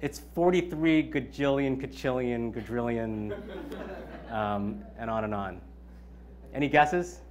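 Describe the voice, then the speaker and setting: A man in his thirties delivers the opening keynote at his own event, speaking slowly at a medium pitch. His tone is conversational, peppered with plenty of ums and you-knows.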